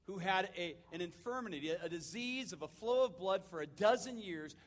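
A man with a high-pitched voice delivers a sermon as a vivid story. He swings between loud, urgent lines and hushed ones, acting out the people he quotes. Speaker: pastor.

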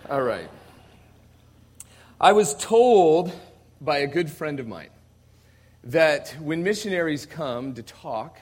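American male missionary preacher, slightly high voice, storytelling sermon that swells to emphatic volume. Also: animated, slow, long pauses. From United States. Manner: conversational, swings from quiet asides to loud emphatic preaching. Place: church service before a congregation.

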